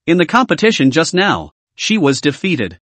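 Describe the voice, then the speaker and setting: A man giving scripted narration of a comic story recap in a steady storytelling read. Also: a little high, normal speed, no echo.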